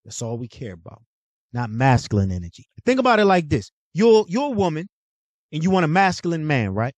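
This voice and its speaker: A man's voice: on the high side, big pitch swings, fairly quick, a little mellow, no echo. A young adult man hosting his own show, lecturing in a blunt, profane, casual way. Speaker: host. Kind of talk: casual monologue.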